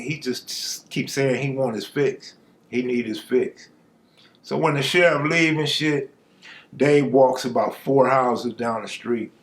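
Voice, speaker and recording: A man from Los Angeles telling a true street story in a laid-back, slangy, conversational way. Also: medium pitch.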